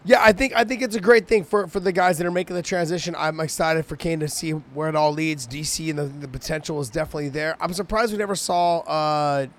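A man chatting as co-host, circling back on his points with frequent restarts and casual swearing. His voice is a bit high for a man. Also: quick pace, hardly any pauses, a bit bright. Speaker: co-host, fighter. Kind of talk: casual chat.

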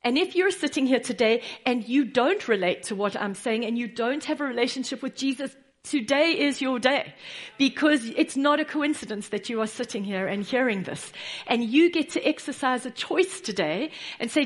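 A woman preaching from the pulpit, earnest and heartfelt. Her voice sits a little high. She swings from firm declarations to a soft, pleading hush. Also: lively intonation, moderate pace. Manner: earnest, building to emphatic declarations then dropping to soft pleading. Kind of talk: sermon.

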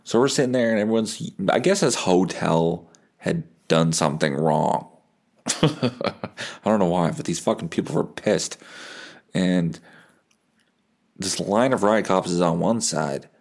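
Lying in bed, a male podcaster spins a profane, laughing yarn in a low, gravelly voice, speaking a little slowly with long pauses. It's animated casual storytelling, complete with voice impressions of the characters.

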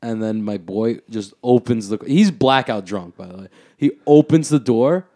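A man's voice: mid-range voice, animated, moderate pace, warm tone. A young man on a podcast, telling a story in casual chat, rambling and swearing a lot and saying "like" constantly. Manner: rambling, profane, full of "like".

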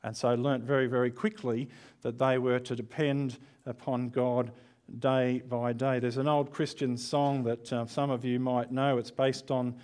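A man's voice: mid-range voice, level tone, measured pace, darkish tone. Conversational man preaching a sermon. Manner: conversational, candid, self-deprecating asides. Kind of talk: online church sermon.

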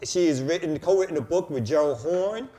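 A man's voice: fairly high pitch, brisk, dark tone. Joking, loose-talking male host. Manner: loose, joking and profane, stretches out long questions. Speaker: show host. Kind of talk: casual podcast chat.

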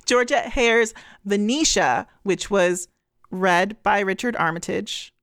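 A woman co-hosting a podcast, relaxed and casual, reading out listeners' book recommendations. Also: mid-range voice, takes it slowly, dry recording, studio quality. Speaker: podcast co-host.

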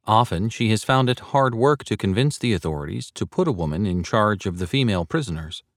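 A man with a fairly low voice reads a devotional sermon aloud in an earnest, deliberate way, slowing down to stress key points. The sound is dry and close, with no room echo. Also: animated. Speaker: reader of a devotional text. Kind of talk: measured reading of a soul-winning sermon.

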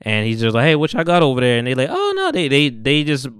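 A man's voice: mid-range voice, fast, a bit bright, smooth, no echo, clean studio sound. A young man hosting a podcast, recapping a TV episode in casual, slangy chat and acting out the characters' lines. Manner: slangy, laid-back, acts out characters' lines. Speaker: podcast host.

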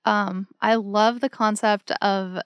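A woman's voice: mid-range voice, fairly even intonation, takes it slowly, clean tone, no echo, muffled recording. A woman guest on a comedy panel, chatting in an upbeat, conversational way. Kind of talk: casual discussion.

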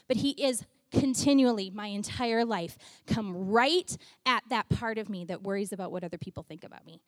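A woman delivers a sermon as a personal story, acting out the voices and thoughts of the people in it. Her voice sits a little high. The sound is dry and close, with no room echo. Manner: expressive storytelling, acts out voices.

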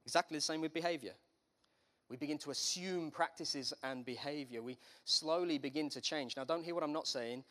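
Conversational pastor, slightly high voice. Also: male voice, fairly quick, a bit bright. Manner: conversational, with humorous asides. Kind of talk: sermon.

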